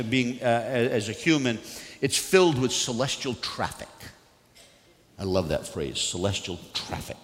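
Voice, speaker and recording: A man preaching a sermon and reading scripture aloud, swinging between loud bursts and hushed, earnest moments. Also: medium pitch. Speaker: pastor. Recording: long hall reverb.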